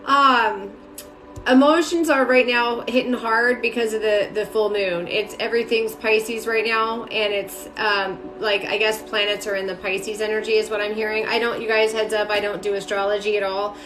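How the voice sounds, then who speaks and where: A woman's voice: medium pitch, fairly even intonation, normal speed, a bit bright, echoey room, faint music behind. A woman giving casual live-stream spiritual readings, chatty, greeting viewers by name and talking with lots of fillers. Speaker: spiritual reader and mentor. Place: home room.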